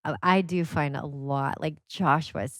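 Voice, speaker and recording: A woman with a somewhat low voice chatting as a podcast guest. She tells stories animatedly and leans on "like" a lot. The sound is close and dry. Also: normal speed, no room sound. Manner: animated storyteller, many "like" fillers. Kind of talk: casual conversation.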